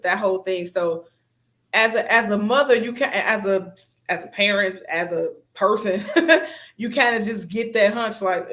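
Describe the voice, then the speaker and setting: A co-host in a relaxed recap conversation, mid-pitched and unhurried. The speaker weighs each point and pauses to find the words. The talk stays informal throughout. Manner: thoughtful, measured, hesitant fillers. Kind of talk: casual TV recap chat.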